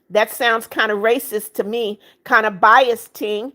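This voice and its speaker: A woman's voice: on the high side, fairly even intonation, a little slow, sharp tone. A woman in her seventies hosting a livestream, reading out chat comments, pleading for likes and subscribes, and bluntly scolding rude viewers. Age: 70s. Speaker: livestream host.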